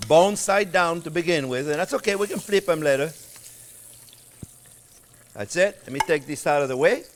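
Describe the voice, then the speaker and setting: An older man hosting a cooking demonstration, chatting warmly to viewers as friends and laughing often. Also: mid-range voice. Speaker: cooking show host. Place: home-style kitchen.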